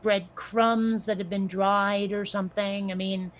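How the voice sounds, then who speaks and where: A woman chatting casually as a podcast co-host, slightly hoarse from losing her voice, musing and questioning herself as she talks. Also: mid-range voice, level tone, a little slow. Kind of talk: casual chat.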